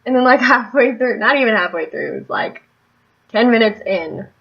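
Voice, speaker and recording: A woman's voice: fairly high pitch, animated, normal speed, vocal fry, dull audio. A young adult woman telling a story in a casual vlog, chatty and rambling, often laughing. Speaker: vlogger.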